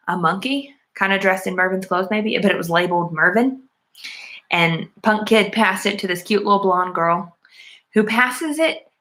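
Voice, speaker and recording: A woman's voice: mid-range voice, a bit bright. Chatty woman retelling a movie plot. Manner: chatty, lots of "like" and "um" fillers; earnest and enthusiastic about the film. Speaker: movie reviewer.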